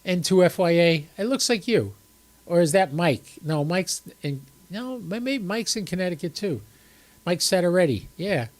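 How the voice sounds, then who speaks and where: A man's voice: high voice, expressive, normal speed. An older man hosting a ham radio livestream from home, rambling casually to his chat viewers and sounding a little stuffy with a cold. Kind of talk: casual live-stream chat. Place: home room, seated on camera.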